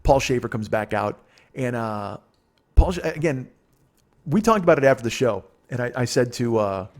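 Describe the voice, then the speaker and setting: A man's voice: mid-range voice, moderate pace. A man hosting a podcast, telling a long show-business story in a casual, profane, rambling way, often quoting people as he goes. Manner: profane, rambling, animated retelling with quoted voices. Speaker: podcast host.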